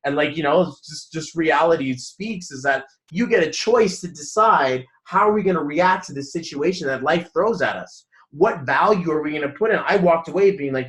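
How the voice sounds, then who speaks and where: This numerology coach, a man in his thirties, speaks briskly in a fairly high, slightly bright voice. Addressing a group over a video call, he delivers a motivational talk, telling animated stories and breaking into laughter mid-sentence.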